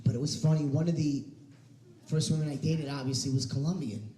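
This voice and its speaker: A man doing a stand-up comedy set on a stage in a hair salon, animated and swinging into loud shouted punchlines. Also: on the high side, brisk, a little hiss or hum. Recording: roomy echo of a live room.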